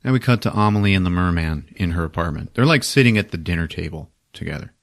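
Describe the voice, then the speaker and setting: A podcast host with a deep voice recaps a movie fast and casually. He's animated and profane, filling his talk with swearing and the word "like."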